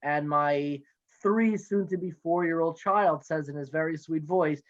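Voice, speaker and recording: Man, 30s, playful chatty guest, video call from home office, dull lo-fi sound. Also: a little high. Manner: chatty, playful, quick with jokes. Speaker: guest, NCSY education director. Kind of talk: casual interview chat.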